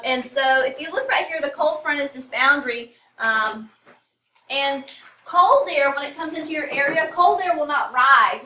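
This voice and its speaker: Heard from afar in an echoey classroom, a female teacher with a high, sharp voice gives a loose, meandering lecture, full of filler words and side comments.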